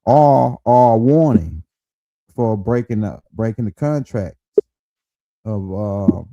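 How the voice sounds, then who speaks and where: A man's voice: on the low side, animated, slow pace, mellow, no room sound, highs cut off. A man hosting a casual live stream, talking in a loose, rambling way as he lays out his theories.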